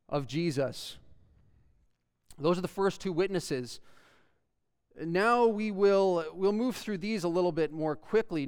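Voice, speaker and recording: A man's voice: fairly high pitch, a little mellow, clear, resonant tone. A male pastor preaching a sermon, earnestly reading scripture aloud and building emphasis as he explains it. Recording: long hall reverb.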